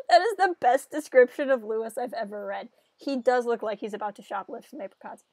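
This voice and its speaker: A woman's voice: fairly high pitch, a little mellow, no echo. A woman live-streaming a game, chatting casually and self-mockingly with her viewers and laughing often.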